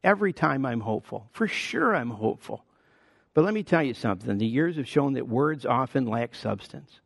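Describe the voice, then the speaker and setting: A man's voice: animated, normal speed, vocal fry, no room sound. Emphatic older male pastor, dry sound. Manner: emphatic, with sudden rises in pitch and volume on key words; conversational, personal asides. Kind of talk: sermon.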